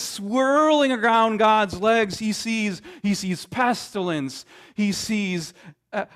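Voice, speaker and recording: A man preaching a sermon, emphatic, with dramatic pauses and frequent restarts. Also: high-pitched, a bit bright. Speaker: pastor.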